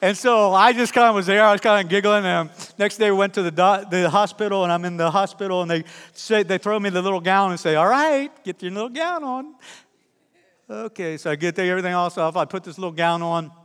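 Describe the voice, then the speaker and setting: A man's voice: sits high, quick pace, hardly any pauses, clear, resonant tone, in a large hall. A middle-aged male pastor preaching a sermon, telling personal stories with humor and acting out the people in them. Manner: animated, humorous, acts out the people in his stories. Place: church sanctuary.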